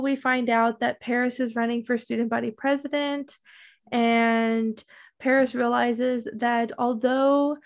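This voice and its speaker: A woman chatting casually as a podcast co-host, walking through a recap in a rambling way. Her voice sits a little high for a woman, and she leans on "um" and "like" as she goes. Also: vocal fry. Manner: rambling, many fillers and likes. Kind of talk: casual chat recapping a TV show.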